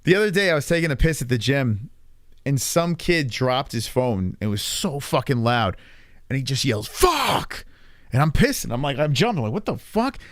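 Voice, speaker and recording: A man's voice: medium pitch, very animated, moderate pace, no room sound. A man hosting a livestream, chatting casually in a rambling, crude, joking way and reacting to chat messages. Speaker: livestream host.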